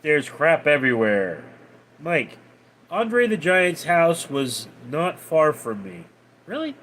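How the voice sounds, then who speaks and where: A man hosting a casual livestream, reading out viewer messages and replying in a deadpan way. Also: fairly high pitch, slow pace, a little hiss or hum. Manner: reads out viewer names and messages, deadpan replies. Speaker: livestream host reading chat.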